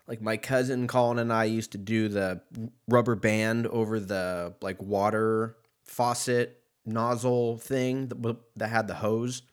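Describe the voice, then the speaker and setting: A man hosting his own podcast in a casual, rambling way, swearing freely and laughing at his own jokes. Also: mid-range voice. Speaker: podcast host. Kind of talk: casual solo podcast chat.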